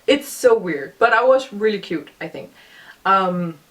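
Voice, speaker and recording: A young woman in her twenties with a noticeable non-native accent chats casually in a reaction vlog, rambling and self-deprecating with lots of ums. Her medium-pitched voice is fairly bright, unhurried and lively in intonation, picked up by a distant mic.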